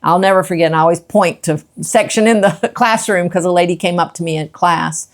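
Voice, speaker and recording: A woman's voice: fairly low pitch, a little fast. Middle-aged lady hosting a chat, upbeat, jumps in a lot. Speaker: host, his mother. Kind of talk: casual podcast chat.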